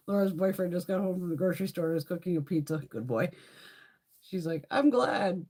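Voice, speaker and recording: A middle-aged woman hosting a beauty live stream, chatting loosely and cursing freely between bursts of laughter. Her voice is husky and a little breathy, and her pitch swings widely as she tells her stories. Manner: profane, laughing, animated storytelling. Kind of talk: casual live-stream chat.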